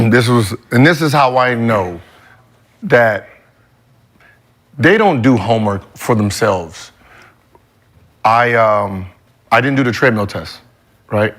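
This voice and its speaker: A man's voice: mid-range voice, slow, pauses often, fairly bright tone. A man hosting a sports podcast, telling a story with emphatic profanity and mimicking other people's voices. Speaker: podcast host. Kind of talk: animated storytelling in casual chat.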